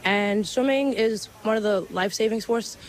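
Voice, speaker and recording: A woman's voice: medium pitch, moderate pace. Breathless teen girl athlete from Belize, post-race interview, hesitant and casual. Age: late teens.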